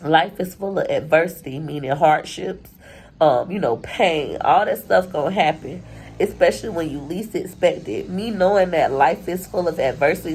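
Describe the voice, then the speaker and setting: A woman's voice: sits low, normal speed, a little mellow, soft background music, poor audio. A young woman, crying as she talks through a personal vlog, rambling and candid. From Florida. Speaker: YouTuber.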